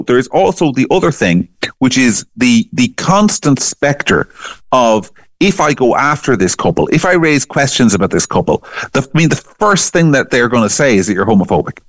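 A man giving forceful opinions as a political commentator in a podcast discussion, often repeating words and restarting phrases. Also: medium pitch, no room sound. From Ireland.

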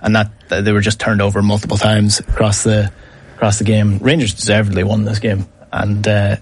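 A man hosting a breakfast sports radio show, talking briskly about football and reading promos. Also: on the low side, slightly rough. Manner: brisk, reads ad copy and promos in a lively way.

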